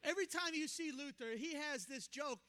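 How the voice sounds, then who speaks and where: A young man preaching a sermon as pastor, telling a story with animated, acted-out quotes. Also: very high-pitched, moderate pace. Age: young adult.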